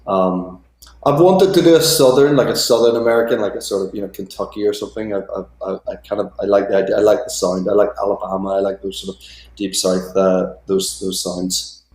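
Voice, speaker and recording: A man in his thirties talks as an interview guest, speaking fairly low and stopping often for ums and false starts. His voice comes through a remote call and sounds roomy and echoey. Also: steady tone, fairly quick, a little mellow. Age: 30s. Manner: hesitant, many ums and restarts. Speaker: guest actor. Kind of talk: casual interview chat.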